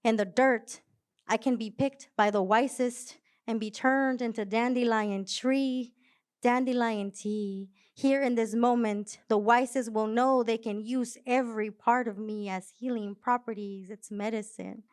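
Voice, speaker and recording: A woman poet performs her spoken word live. Her voice is smooth and resonant and sits a little high for a woman. Her delivery is measured and emphatic. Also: fairly even intonation. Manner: soft-spoken, hesitant chat before the poem; measured, emphatic poetry recitation. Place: live venue.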